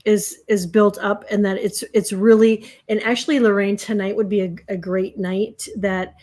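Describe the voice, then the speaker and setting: A woman's voice: mid-range voice, flat delivery, normal speed, darkish tone. Woman, intuitive guest, spiritual advice, rambling, restarts, live chat. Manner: rambling, many restarts and "you know".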